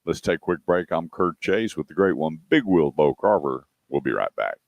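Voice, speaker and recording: A man's voice: rumbling low, sing-song, normal speed, gravelly, dry recording, lo-fi sound. A man hosting a radio car show, chatting casually and telling joking prank stories. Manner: tells joking prank stories, acting out voices. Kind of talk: casual radio chat and storytelling.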